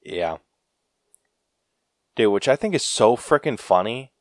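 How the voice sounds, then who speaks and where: A man with a low, deep voice talks slowly and unhurriedly in relaxed podcast banter. He reads trivia aloud and swears casually. The sound is dry and close, with no room echo. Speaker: podcast co-host. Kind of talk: casual movie chat.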